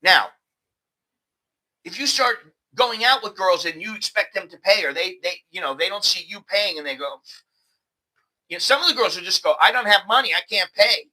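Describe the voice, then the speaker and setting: A man with an American accent hosting a casual, animated vlog monologue. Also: high voice, normal speed, pauses often, poor audio. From United States. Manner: animated, conversational, repeats words. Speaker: host.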